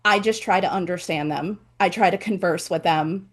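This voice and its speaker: A woman author hosting her own book launch over a video call, chatty and animated, with playful asides. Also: on the low side, normal speed. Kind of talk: casual live presentation.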